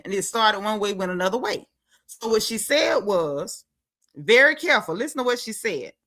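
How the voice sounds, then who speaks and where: A woman hosting a reality TV recap, talking casually and emphatically. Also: medium pitch. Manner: animated, emphatic, talks straight to the cast members.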